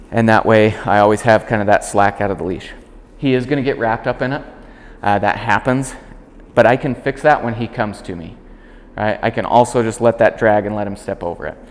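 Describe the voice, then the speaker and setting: A man working as a dog trainer, calmly explaining a demonstration and switching to short, clear commands for the puppy. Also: lowish voice, long reverb tail. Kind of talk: instructional demonstration.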